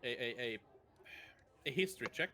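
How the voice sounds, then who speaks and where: A man's voice: medium pitch, lively intonation, normal speed, sharp tone, slight background noise. A man narrating as game master, casual and hesitant, with faint background music. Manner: casual, hesitant, many fillers.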